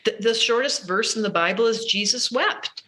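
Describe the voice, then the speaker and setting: A woman being interviewed as a spiritual teacher, talking in an expressive, earnest way. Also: on the high side, moderate pace, a little hiss or hum. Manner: expressive, earnest, laughs into her words. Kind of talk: animated interview talk.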